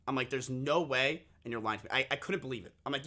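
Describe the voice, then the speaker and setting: A man's voice: mid-range voice, fast talker, hardly any pauses, sharp tone. A man streaming live, telling a long personal story to his chat in a crude, candid, casual way, often repeating himself.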